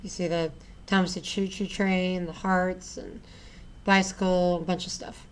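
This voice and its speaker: A woman's voice: lowish voice, level tone, measured pace, a little hiss or hum. A woman teacher explaining a poetry assignment to her students, chatty, with asides and frequent restarts.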